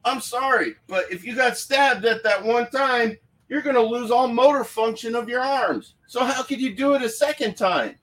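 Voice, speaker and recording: A man's voice: extremely high pitch, normal speed, a bit bright, distant mic, low-quality recording. A man hosting a casual live stream from a room at home, fired up and profane, talking into his phone. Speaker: paranormal livestream host.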